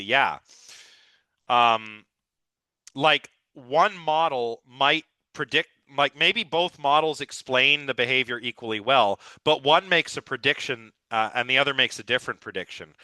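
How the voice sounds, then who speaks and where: A man's voice: medium pitch, pushed and bright, no room sound. A man lecturing a live philosophy class with eager, rambling enthusiasm, his voice a little scratchy. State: slightly scratchy voice.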